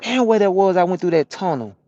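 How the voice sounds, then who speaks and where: A man from Atlanta, a truck driver chatting casually on a live stream and answering viewers' comments in a relaxed, repetitive way. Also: high-pitched, fast, dry recording, muffled recording. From Atlanta, USA.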